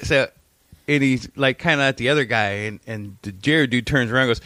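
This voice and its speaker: Talking fairly quickly with a medium-pitched voice, a man on his co-hosted podcast tells a story in casual chat. He's animated, swears freely, and acts out the people he quotes, all on a dry recording.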